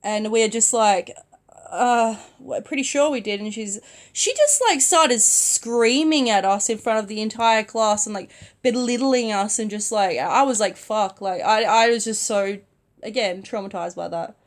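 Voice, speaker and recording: A woman's voice: mid-range voice, moderate pace. Chatty young woman, sick in bed. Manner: chatty, many "like" fillers, soft-spoken. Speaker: vlogger. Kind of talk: casual storytime vlog. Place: in bed at home.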